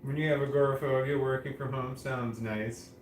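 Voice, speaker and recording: Droning monotone man with a slight lisp. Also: mid-range voice, normal speed, echoey room, a little hiss or hum, low-quality recording. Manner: flat, droning monotone with many restarts. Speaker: vlogger. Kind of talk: casual monologue to camera.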